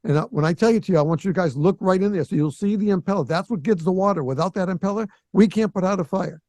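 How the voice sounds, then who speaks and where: At a quick pace, a sixtysomething podcast host tells casual stories animatedly, voicing the people he quotes. His slightly high voice is mellow and warm, and the recording is close and dry with no room sound.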